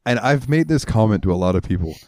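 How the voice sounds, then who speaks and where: Man, lowish voice, laid-back joking co-host, casual chat, dry sound. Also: lively intonation, fast talker, mellow, no room sound. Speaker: podcast co-host.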